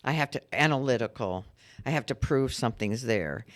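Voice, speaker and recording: A man's voice: medium pitch, lively intonation, brisk. A man speaking as a guest on a radio talk show, telling stories and reflecting on faith.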